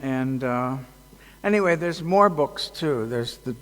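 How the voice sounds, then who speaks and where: A man giving a casual devotional talk at a festival, halting and joking, with many fillers. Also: mid-range voice, expressive, fairly bright tone. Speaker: speaker at a temple festival. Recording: long hall reverb.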